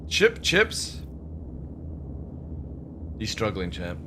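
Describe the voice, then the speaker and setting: A male game streamer talking in a lively, swinging pitch, cracking jokes and swearing as he plays. Steady game ambience hums clearly behind his voice. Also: drawn-out words, background noise. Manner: joking, swearing, chatty. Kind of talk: casual live-stream chat.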